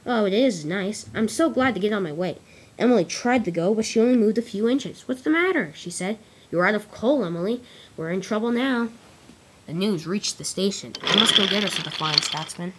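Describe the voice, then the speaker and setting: A woman reading a train story aloud, with lively character lines between plainer narration. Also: mid-range voice, fairly quick, a little hiss or hum. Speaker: storyteller reading all parts. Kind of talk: amateur read-aloud storytelling of a train tale.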